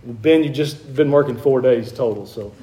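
A man's voice: medium pitch, normal speed, dark tone, a little hiss or hum. A man preaching a sermon in a folksy storytelling way, full of personal anecdotes, often repeating phrases and restarting. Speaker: pastor.

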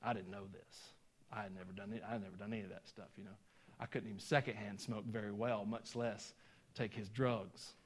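A man's voice: lowish voice, steady tone, brisk, husky. A middle-aged man with a Southern Georgia accent preaching a sermon, folksy and self-deprecating, telling personal stories with chuckling asides. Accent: Southern US (Georgia, some Tennessee). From Georgia, USA. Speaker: pastor.

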